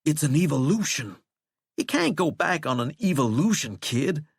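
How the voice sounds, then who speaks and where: A shackled cursed man with a wry, sardonic, coaxing drawl, as a male narrator puts him on. His pitch swoops around, raised and loud, and the voice sits close and dry on the mic, like an audiobook. He sounds mocking and folksy. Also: very animated, moderate pace, vocal fry, slightly rough, dry recording, full character voice. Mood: bitter.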